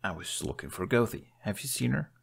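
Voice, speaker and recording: A man's voice: on the low side, animated, a little fast, creaky, slightly rough, full character voice. A man voicing an awkward, apologetic teenage boy who stammers over his words. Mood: flustered. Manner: stammering, flustered.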